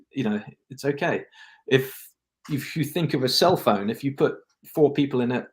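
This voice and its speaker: A man speaking as a film director guest in a casual interview, reflective and rambling, often restarting his sentences. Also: medium pitch.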